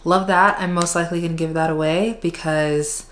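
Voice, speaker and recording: A woman's voice: fairly low pitch, steady tone, normal speed. A woman vlogger talking casually and candidly while unboxing products, with plenty of "like" fillers. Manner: chatty, candid, with many "like" fillers. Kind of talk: casual chat.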